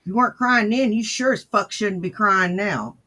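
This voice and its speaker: A man's voice: high voice, moderate pace, sharp tone. A male commentary host reacting to clips in a crude, profane, sneering manner.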